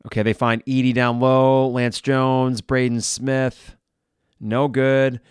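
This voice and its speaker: A man hosting a live game reaction podcast, blunt and frustrated, who swears and flares into shouting. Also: mid-range voice, little pitch movement, slow pace, clean tone.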